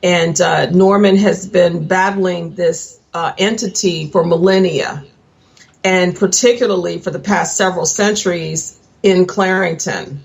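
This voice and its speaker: A woman's voice: fairly low pitch, fairly even intonation, measured pace, creaky. A woman chatting casually and teasingly on a video call, laughing often as she talks. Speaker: co-producer and guest. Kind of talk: casual chat.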